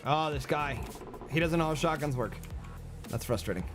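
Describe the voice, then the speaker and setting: A man with a high-pitched voice talks through a game livestream, brash and joking as he coaches his viewers. Faint music sits under his voice. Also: normal speed. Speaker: game streamer.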